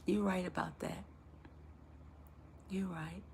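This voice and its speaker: A woman's voice: lowish voice, steady tone, slow, gravelly, slight background noise. A woman life coach giving a motivational live talk to her viewers, affectionate and preacher-like in her encouragement.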